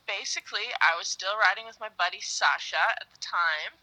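A woman being interviewed about cycling across the country, telling her stories in a lively, animated way with sudden high-pitched bursts. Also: a little fast, rough recording. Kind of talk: casual phone-style interview chat.

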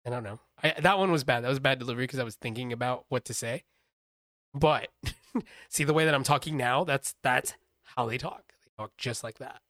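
A male podcast co-host with a mid-range, slightly bright voice talks at a moderate pace in casual chat, rambling, swearing and laughing often. The recording is dry, with clean studio sound.

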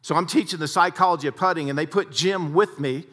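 A man telling stories dramatically in a talk with a faith message, swinging between loud and hushed. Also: on the high side, fast talker. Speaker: speaker, sports psychologist.

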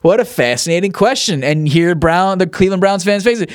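A man's voice: high voice, animated, a little fast, dry recording. A man hosting a podcast alone, rambling casually, swearing and restarting his sentences, often chuckling between thoughts. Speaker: podcast host. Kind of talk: casual solo monologue.

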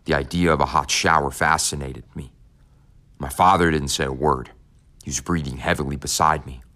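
A man with an extremely deep voice reads a first-person audiobook. His telling is measured and somber, unhurried and steady. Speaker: audiobook narrator. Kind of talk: scripted audiobook narration.

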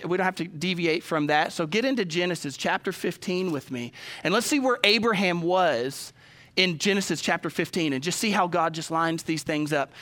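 A man's voice: high voice, fairly bright tone. A man, preaching a sermon that moves from personal storytelling to emphatic Scripture reading. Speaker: pastor.

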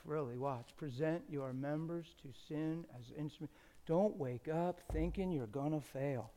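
A middle-aged man preaching with wild swings from excited shouting to hushed, intimate talk, breaking into playful laughing asides. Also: on the high side, in a large hall. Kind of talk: animated sermon.

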